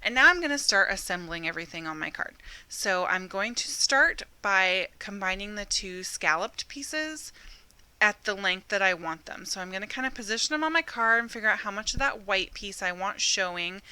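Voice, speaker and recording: A woman's voice: medium pitch, lively intonation, moderate pace, bright, forceful tone, smooth, no room sound. A woman hosting her own card-making channel, chatting her way through each crafting step. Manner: chatty, step-by-step, lots of "I'm gonna". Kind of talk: craft tutorial narration.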